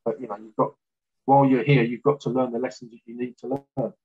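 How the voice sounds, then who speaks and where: A man recounting an experience as a guest, talking haltingly with fillers and restarts. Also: medium pitch, little pitch movement, darkish tone, husky, muffled recording. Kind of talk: casual storytelling in an interview.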